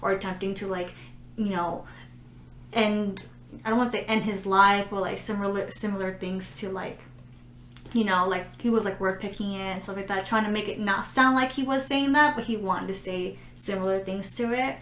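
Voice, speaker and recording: A woman's voice: medium pitch, steady tone, normal speed, a bit bright. A woman co-hosting a podcast, telling stories in a rambling casual way packed with "like" and acted-out quotes, at home. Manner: rambling storytelling full of "like", acting out quotes. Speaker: podcast co-host. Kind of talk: casual chat. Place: room at home. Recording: roomy echo with faint noise.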